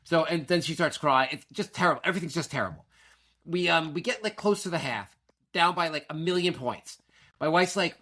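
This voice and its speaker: A man's voice: fairly high pitch, a little fast, pushed and bright. A middle-aged man co-hosting a sports podcast, ranting animatedly through a story and acting out what his family said. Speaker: podcast co-host. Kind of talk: casual sports podcast chat.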